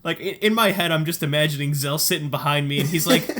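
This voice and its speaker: A man with a somewhat high voice co-hosting a casual podcast. He tells stories excitedly and breaks into laughter often. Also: brisk. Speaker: podcast co-host. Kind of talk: casual chat.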